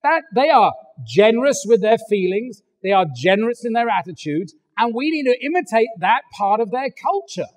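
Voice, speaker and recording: Lively older English preacher, high voice. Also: male voice, moderate pace, long reverb tail. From England. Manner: animated and joking, acts out little voices. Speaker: pastor. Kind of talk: sermon. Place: large church hall.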